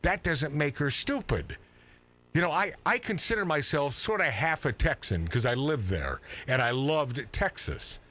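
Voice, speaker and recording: Talk radio host man, brash interrupter, mocks and rants, a bit high-pitched. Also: expressive, unhurried. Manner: loud, interrupting, mocking, many fillers. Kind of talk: irreverent political talk radio.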